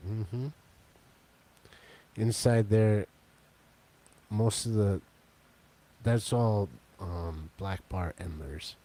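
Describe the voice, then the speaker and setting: A man co-hosting a casual home podcast, with a slow, dry, jokey way of talking. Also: on the low side, dark tone. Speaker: podcast co-host.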